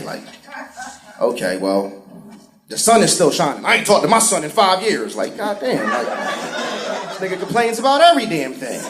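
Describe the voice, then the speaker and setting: Exasperated profane stand-up comic. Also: male voice, high-pitched, wildly swooping pitch, moderate pace, pauses often. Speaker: stand-up comedian, barber. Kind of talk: stand-up comedy set. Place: comedy stage before live audience. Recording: echoey room.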